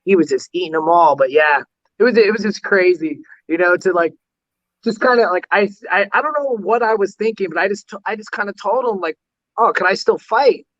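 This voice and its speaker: A man's voice: sits high, fairly quick, fairly bright tone, muffled recording. A man, a fighter guest on an interview, telling stories in a rambling way, full of "like" fillers. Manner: rambling, heavy use of "like" fillers. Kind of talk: casual storytelling interview.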